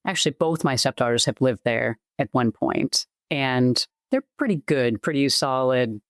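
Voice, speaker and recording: A woman's voice: extremely low pitch, expressive, dry recording. Podcast guest: middle-aged woman with a light Boston accent, rambling, chatty, dry close mic. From Massachusetts. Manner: chatty, rambling, quick asides. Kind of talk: casual interview chat.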